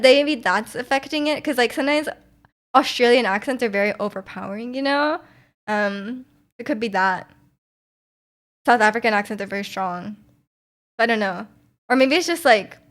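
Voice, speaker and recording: A young Canadian woman streaming, chatting with her viewers in a rambling, giggly way full of fillers. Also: on the high side. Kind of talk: casual chat with live chat.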